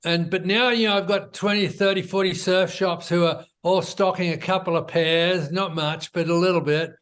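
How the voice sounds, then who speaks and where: During a conversational, low-key interview, a business founder recounts his path, repeatedly saying "you know" and "right?" His voice sits high and is clear and resonant, at a normal speed.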